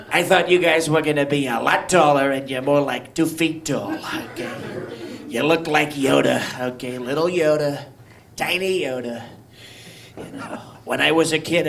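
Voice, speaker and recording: A man's voice: fairly high pitch, vocal fry. A stand-up comedian doing an impression of a boastful older male president who praises himself and tags sentences with "okay?". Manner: repetitive "okay?" tag, rambling bragging. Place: bar with live audience. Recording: crowd noise in a bar.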